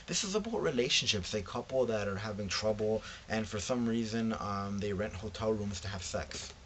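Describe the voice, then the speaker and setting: Young man, bright voice, casual vlog chat, animated storytelling, slangy, faint room noise behind. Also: fairly low pitch, normal speed. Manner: animated storytelling, acts out quoted friends, slangy asides. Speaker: book vlogger.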